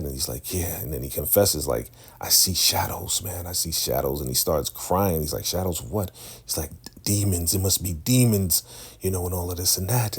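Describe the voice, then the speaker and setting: A man's voice: deep voice, creaky, darkish tone, breathy edge. A man hosting a casual TV episode recap, retelling scenes in a loose, chatty way and acting out the characters' lines. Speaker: TV recap host.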